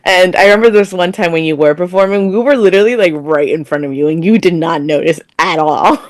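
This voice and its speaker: A woman's voice: lowish voice, quick pace. A woman co-hosting a casual podcast, chatting supportively with a friend and telling anecdotes. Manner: supportive, chatty, many "like" fillers. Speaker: podcast co-host.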